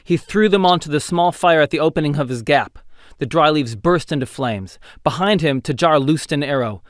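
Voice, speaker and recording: A man narrating a fantasy audiobook in an expressive, dramatic storytelling style. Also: fairly high pitch, moderate pace, no echo, clean studio sound. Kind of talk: scripted narration.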